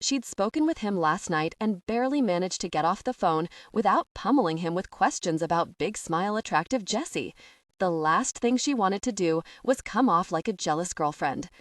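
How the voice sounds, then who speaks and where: Audiobook narrator, woman, lowish voice, steady delivery, dry distant mic. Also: moderate pace, no echo. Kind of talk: scripted narration.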